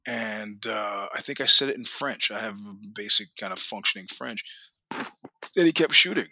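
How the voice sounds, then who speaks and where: A middle-aged man telling stories as a podcast guest, animated and profane, laughing often and acting out what people said. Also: fairly low pitch, normal speed, no room sound. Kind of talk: storytelling in a casual interview.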